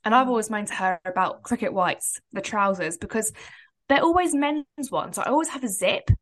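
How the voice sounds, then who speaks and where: A woman's voice: mid-range voice, animated, a little fast, a bit bright. A woman, co-hosting a podcast in a rambling, chatty way and laughing often. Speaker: podcast co-host. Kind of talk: casual chat.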